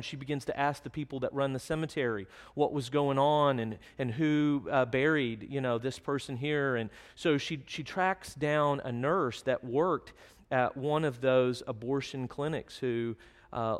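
A man preaching a sermon, telling a story earnestly and then reading scripture verses aloud. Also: mid-range voice. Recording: long hall reverb.

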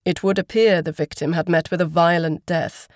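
A woman voicing a polite, formal male police constable who speaks in measured official phrases. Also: fairly low pitch, steady tone, no echo, clean studio sound, close to an everyday voice.

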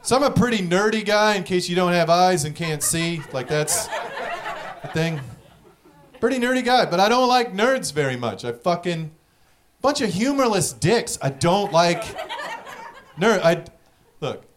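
Animated and high-voiced, a young stand-up comic races through profane stories and acts them out as the audience laughs behind him.

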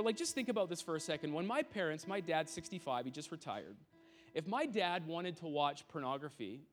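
A youth pastor in his thirties giving a sermon in a tent, talking in an earnest, conversational way with frequent restarts and asides. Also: on the high side. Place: large tent used as an auditorium.

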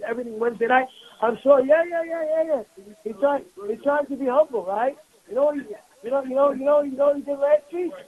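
A man's voice: very high voice, narrow, tinny audio. A man, a rabbi, giving a Torah class sermon, emphatic and repetitive, firing rhetorical questions at his students. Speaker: rabbi teaching a weekly class.

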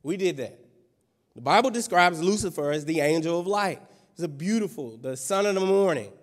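Pastor guy preaching, kinda high voice, loose and joking, lots of questions, big church echo. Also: animated, normal speed. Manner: conversational, playful preaching with rhetorical questions. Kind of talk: sermon. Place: church sanctuary. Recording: long church hall reverb.

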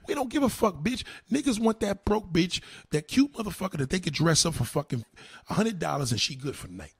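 A man ranting to a live chat as a streamer, loud, heated and profane. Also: high voice, big pitch swings, quick pace, husky, no echo. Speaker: online streamer.

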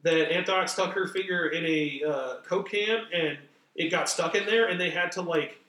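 A young man with a high voice tells stories animatedly and laughs often. He sits back from the mic in an echoey room, so his voice sounds roomy and distant. It's relaxed podcast chat. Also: normal speed. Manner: animated storyteller who laughs a lot. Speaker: podcast co-host. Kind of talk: casual chat.

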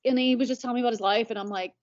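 A woman's voice: a little high, steady tone, very fast. A woman, chatting as a podcast guest and filling her talk with "like". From United States. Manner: chatty, many "like" fillers. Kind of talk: casual conversation. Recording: dull lo-fi audio.

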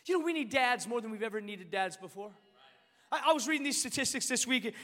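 A man preaching a storytelling sermon, animated and emphatic, repeating words and rising to shouts at his peaks. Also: extremely high pitch, fast talker. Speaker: pastor. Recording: long hall reverb.

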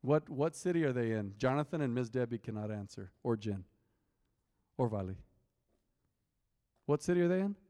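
A man's voice: medium pitch, animated, moderate pace, pauses often, dark tone. A man preaching an interactive sermon, reading scripture aloud and teasing and quizzing his congregation. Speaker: pastor. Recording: long hall reverb.

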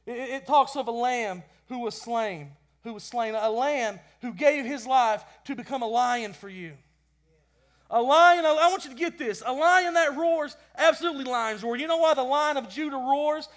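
A man preaching a sermon with passion, swinging between loud bursts and quiet lines, often repeating words as he goes. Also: extremely high pitch, moderate pace. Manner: impassioned, rising and falling in loudness; repeats words when stumbling.

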